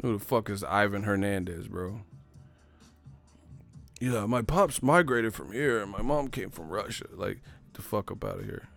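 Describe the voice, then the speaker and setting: A man's voice: fairly low pitch, moderate pace, vocal fry, fairly bright tone, soft background music. A man hosting a livestream, ranting in a brash, profane, casual way and laughing often. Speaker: livestream host.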